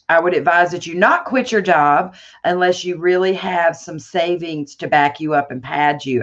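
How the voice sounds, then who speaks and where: Animated woman telling her story. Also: deep voice, dull audio. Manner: animated storytelling, many fillers and restarts. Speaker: guest entrepreneur. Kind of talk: conversational interview.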